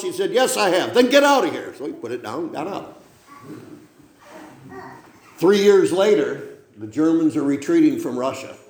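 A man preaching a sermon, telling a war story with dramatic swings between loud lines and hushed ones. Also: medium pitch, echoey room.

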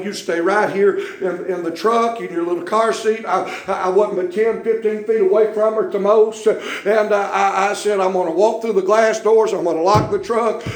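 A high-pitched middle-aged preacher with a drawl, delivering a revival sermon in an echoey church. His folksy, conversational talk keeps climbing into shouted, drawn-out peaks.

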